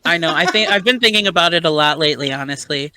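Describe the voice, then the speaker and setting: A man interviewing guests over a video call, effusive and quick to praise and laugh. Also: on the high side, a crowd in the background, rough recording. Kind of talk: casual interview chat.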